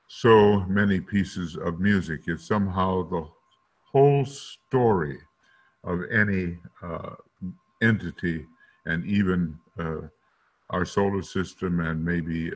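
A man giving a slow, deliberate lecture in a rough morning voice, now and then singing note syllables to illustrate. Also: low voice. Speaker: teacher.

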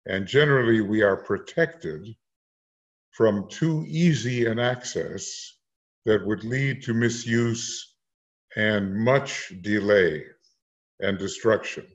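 A man leading a casual discussion, speaking haltingly with many pauses and fillers. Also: lowish voice. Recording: muffled lo-fi sound.

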